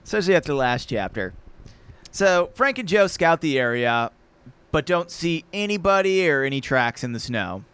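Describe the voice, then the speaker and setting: A man's voice: a little high, normal speed, clear, resonant tone. A man co-hosting a casual book podcast, laughing often and joking with his partner. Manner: animated, giggly banter. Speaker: podcast co-host.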